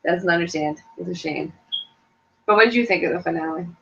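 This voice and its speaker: A woman's voice: on the low side, a little fast, gravelly. A middle-aged woman co-hosting a casual chat show, talking in a chatty way and laughing often. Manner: animated, chatty, laughs a lot, puts on voices to quote people. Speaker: co-host, mother. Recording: dull lo-fi recording.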